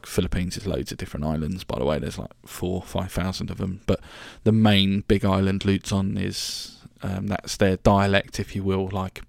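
A man's voice: low-pitched, fairly even intonation, moderate pace, creaky, few pauses, dry recording, clean studio sound. A young man telling a rambling, sweary story about his travels as a podcast host. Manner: chatty, rambling, sweary, full of restarts. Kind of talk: casual storytelling monologue.

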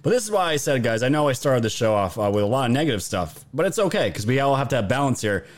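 A man's voice: mid-range voice, sing-song, fast. Man hosting a mocking commentary show. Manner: mocking, chatty, addresses viewers as guys. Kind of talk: casual political commentary.

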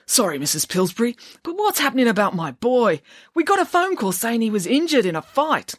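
A woman's voice: on the high side, big pitch swings, brisk, husky, no echo, clean studio sound, pitched above the performer's own voice. A woman voicing a burly middle-aged father who is demanding and angry.

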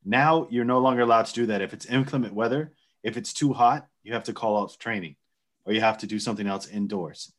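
A man's voice: on the low side, fairly quick. A man in his forties, an army veteran co-hosting a podcast, making emphatic profane points in casual chat.

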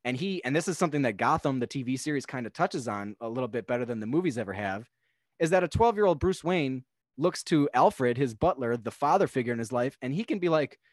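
A young man on a podcast, casually talking through a film in a rambling, animated way. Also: medium pitch, fast, no room sound, clean studio sound. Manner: rambling, animated, acts out characters' lines. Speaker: podcast guest.

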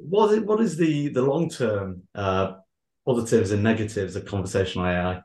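A fairly low-voiced man hosts the interview, his questions halting and full of repeated words. The sound carries a roomy echo. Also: expressive, darkish tone. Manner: hesitant, repeats words while framing questions. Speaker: podcast host.

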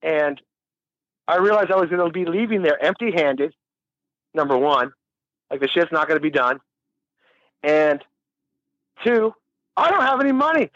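High-voiced man rambling through a story. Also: very animated, normal speed, long pauses, fairly bright tone, no echo, lo-fi sound. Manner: rambling, laughing, swearing freely. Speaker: musician guest. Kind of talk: casual storytelling interview.

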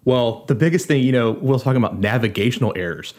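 A man speaking as a panelist in a casual podcast discussion, telling stories with quick jokes. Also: medium pitch, expressive, a little mellow.

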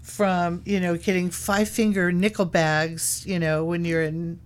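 A woman guest in a casual chat who talks in a relaxed way with frequent hesitations. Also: lowish voice, unhurried. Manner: relaxed, hesitant, many ums.

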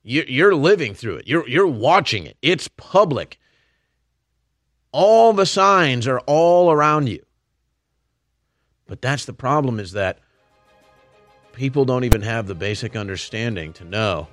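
A man's voice: mid-range voice, lively intonation, unhurried, long pauses, a bit bright, soft background music. A man hosting a political commentary show, delivering a heated, ranting monologue straight to his audience. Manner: heated, ranting, addresses listeners as folks and man.

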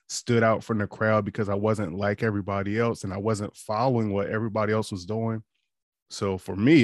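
A man hosting a podcast, talking in a relaxed, slangy way and relating to his guest. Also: on the low side, dry recording, clean studio sound. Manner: laid-back, slangy, relates with own stories. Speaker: podcast host. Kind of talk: casual conversational interview.

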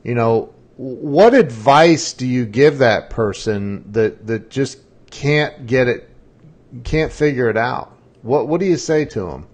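Halting, animated male podcast host. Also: mid-range voice. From Ohio, US. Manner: halting, many restarts, animated storytelling. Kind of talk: casual interview chat.

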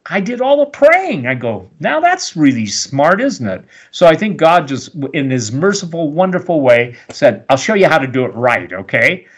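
A man's voice: medium pitch, sing-song, normal speed, few pauses, husky. An older man speaking as an interview guest, emphatic and preacherly, with rambling asides. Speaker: radio host, guest. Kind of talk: animated interview talk.

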